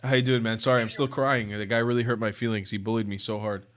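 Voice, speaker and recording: A man's voice: on the low side, fairly even intonation, a bit bright. A man hosting a live stream who talks bluntly and swears, often breaking into mock crying and laughter. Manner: fast, brash, blunt talk to callers. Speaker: livestream host. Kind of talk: casual live-stream debate chat.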